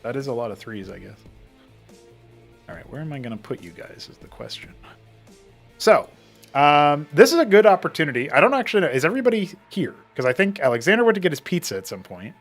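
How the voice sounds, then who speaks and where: Casual male game master, relaxed and joking, theme music faint underneath. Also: on the high side, quick pace. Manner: laid-back, joking, laughs often. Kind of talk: casual tabletop game chat.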